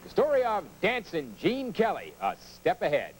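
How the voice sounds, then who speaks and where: A man's voice: high voice, huge pitch swings, normal speed, background noise. A man hosting a television game show with bouncy, jokey patter.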